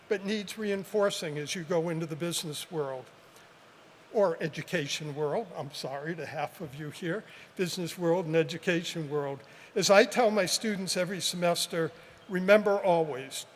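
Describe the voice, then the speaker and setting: A man in his seventies, high-pitched for a man, delivers a measured, heartfelt commencement speech with touches of gentle humor. He speaks into a podium mic at an outdoor ceremony, and the sound carries a long, lingering reverb with faint background noise. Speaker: professor giving a commencement address.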